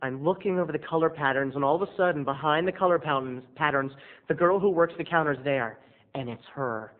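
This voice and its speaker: Talking fairly quickly in a slightly high voice, a man vlogs a gossipy, dramatic tale to the camera, punching each line with theatrical flair. The sound is tinny phone-like lo-fi.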